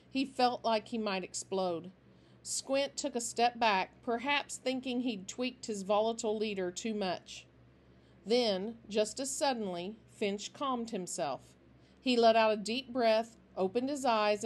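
Woman reading a storybook aloud. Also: mid-range voice. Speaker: storybook reader. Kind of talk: reading a children's novel aloud.

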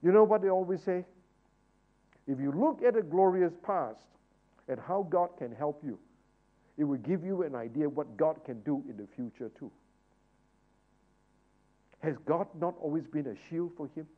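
A man teaching a Bible study in a sermon style, asking rhetorical questions and moving from hushed asides to loud, fervent exhortation. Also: fairly high pitch, expressive, moderate pace, pauses often, phone-quality sound. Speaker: pastor leading Bible study.

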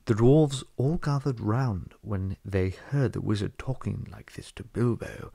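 A man narrating a book aloud with steady, even storytelling. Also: fairly low pitch, unhurried, gravelly, hardly any pauses, slightly rough, dry recording, clean studio sound. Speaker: audiobook reader.

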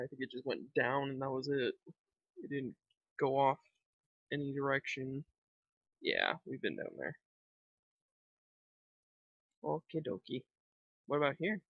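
Recorded with no echo on a dull, lo-fi home mic, a young gaming vlogger chats through his play in a creaky, husky mid-range voice. He rambles and thinks aloud, leaning heavily on fillers.

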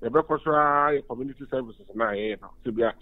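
Brisk and mid-range in pitch, this man is a Ghanaian university lecturer and union official phoning in to a radio interview. His tone is emphatic as he mixes Twi with English, and the line sounds tinny.

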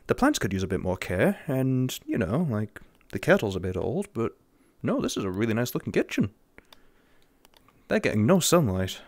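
A man's voice: mid-range voice, moderate pace, dry recording. English man, young adult, game commentary, sarcastic, swings up and down, dry close sound. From England. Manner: jokey, sarcastic, excitable. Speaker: gamer.

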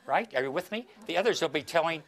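An older man performing a magic routine for an audience, instructing his volunteers in a chatty, gently teasing way. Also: on the high side, expressive, fast talker. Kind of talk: archival stage performance with patter.

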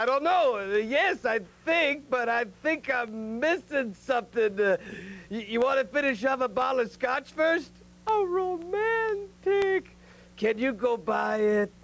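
A man's voice: extremely high pitch, creaky, fairly bright tone, exaggerated voice. A man voicing a nervous, awkward addict who stammers and hesitates constantly. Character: nervous, awkward addict fussing over a friend.

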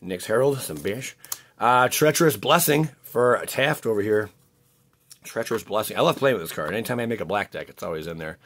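A man's voice: fairly low pitch, lively intonation, fairly quick, a bit bright. A man hosting his channel, chatting casually and rambling with frequent restarts as he opens card packs, his voice cracking. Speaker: card-opening channel host. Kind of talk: casual commentary while opening packs.

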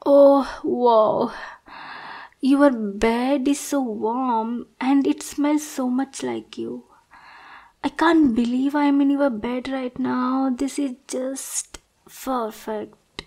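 A woman's voice: high-pitched, steady tone, drawn-out words, mellow, heavily acted. A young woman performing a whispered role-play as an obsessive, adoring intruder, sweet and clingy, calling the listener darling. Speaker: ASMR performer.

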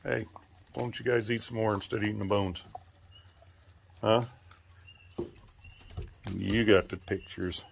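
A man casually talking to his animals while feeding them, praising and soothing them in gentle baby talk. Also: on the low side, steady tone, measured pace, vocal fry, long pauses, slight background noise.

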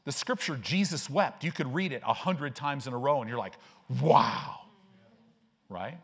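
An older male pastor preaching a sermon, animated, with frequent rhetorical questions. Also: medium pitch, a little fast, husky.

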